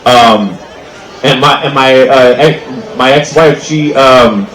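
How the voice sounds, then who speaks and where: A man's voice: mid-range voice, slow, a bit bright, echoey room, rough recording. A young adult man doing a stand-up comedy set on an outdoor stage, rambling with many "like"s and restarts, into a handheld mic.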